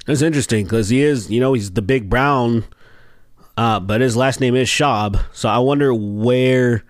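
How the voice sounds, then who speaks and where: A man's voice: mid-range voice, measured pace, no echo. A man hosting a reaction video, making wry, unimpressed remarks in casual commentary.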